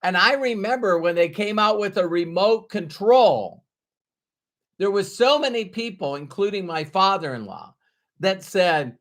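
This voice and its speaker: A man's voice: high-pitched, lively intonation, a little slow, a bit bright. A middle-aged man giving a motivational talk to camera, emphatic, repeating his key phrases for effect. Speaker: motivational speaker.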